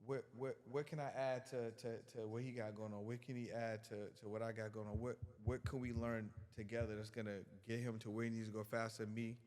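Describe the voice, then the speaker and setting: A man's voice: medium pitch, level tone, fairly quick, few pauses, darkish tone, long reverb tail. A man guest on a podcast giving a casual motivational talk, emphatic and colloquial, repeating words as he builds his point.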